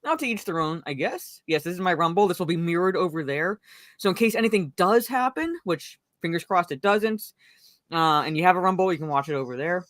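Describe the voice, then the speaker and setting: A woman's voice: fairly low pitch, lively intonation, a little fast, a bit bright, dry recording, clean studio sound. Chatty woman hosting a live stream. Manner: chatty, greets viewers and reads chat messages aloud, frequent fillers. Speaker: livestream host. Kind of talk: casual live-stream chat about a movie.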